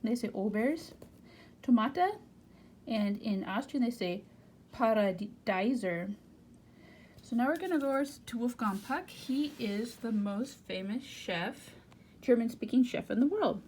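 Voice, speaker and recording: A woman's voice: on the high side, expressive, normal speed, warm tone. An American woman teaching German, reading German from a textbook aloud and explaining each word plainly in English. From United States. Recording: faint background noise.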